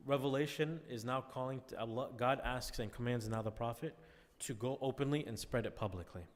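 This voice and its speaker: Male class teacher, conversational lecture style, medium pitch, reverberant classroom sound. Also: a little fast. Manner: conversational, checks in with "all right?" often. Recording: long reverb.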